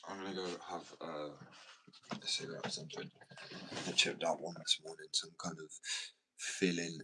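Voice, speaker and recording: A man's voice: low voice, level tone, normal speed. Rambling, sweary man in a workshop. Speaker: skateboard maker. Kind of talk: casual vlog chat. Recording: distant mic, faint background noise.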